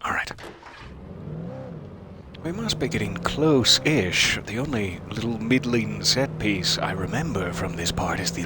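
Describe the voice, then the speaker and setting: A man giving casual, wry gameplay commentary, joking and self-deprecating, with sudden jumps in pitch for his jokes. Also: heavy background noise. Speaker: let's play host.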